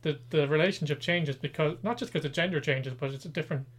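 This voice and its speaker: A man's voice: a little high, fast. A man co-hosting a casual pop-culture chat, reading out news items and adding wry asides. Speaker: podcast co-host.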